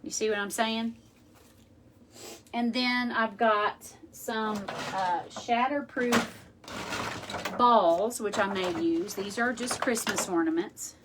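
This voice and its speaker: A woman's voice: fairly high pitch, takes it slowly, noisy background. A woman hosting a craft tutorial, chatting casually and thinking aloud as she works. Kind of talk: casual how-to demonstration.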